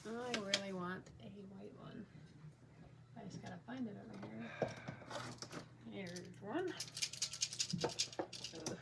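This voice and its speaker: Slow, gravelly, congested crafting vlogger woman. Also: mid-range voice, heavy background noise. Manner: rambling, chatty, mutters to herself while working. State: congested, clogged nose. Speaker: art journaling vlogger. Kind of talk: casual crafting chat. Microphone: phone close by.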